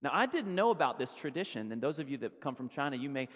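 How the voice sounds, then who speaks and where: Pastor telling a story in a reverberant church. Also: male voice, medium pitch, sing-song, fast talker, a bit bright. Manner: conversational, repeats words as he builds the story. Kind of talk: sermon storytelling. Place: church sanctuary. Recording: long church-hall reverb.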